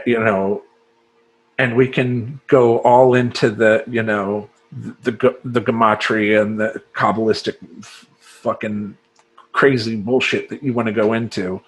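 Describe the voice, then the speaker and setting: A man speaking as a life coach in a casual monologue to camera, rambling and profane, laughing often and slipping into mock voices. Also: medium pitch.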